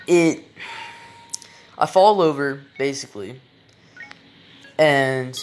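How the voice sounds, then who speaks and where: Rambling, profane young man telling a story. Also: mid-range voice. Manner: rambling, profane, frequent restarts and fillers. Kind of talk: casual personal anecdote.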